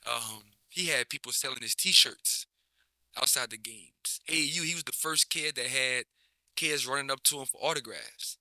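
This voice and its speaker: New coach guy just chatting, bright edgy tone, keeps restarting, dry mic. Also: mid-range voice, moderate pace, no echo. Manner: relaxed, rambling, many restarts and slang. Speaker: basketball coach, guest. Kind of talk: casual interview chat.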